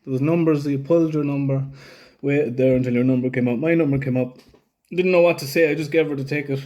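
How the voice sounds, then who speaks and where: A man's voice: mid-range voice, fairly even intonation, quick pace, darkish tone. A young man telling a story casually, rambling, swearing freely and acting out other people's lines. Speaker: vlogger.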